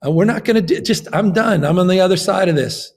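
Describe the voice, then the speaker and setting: A man's voice: high voice, animated, fast talker. A man, a governor, giving an impassioned political interview, emphatic and fond of repeating his phrases.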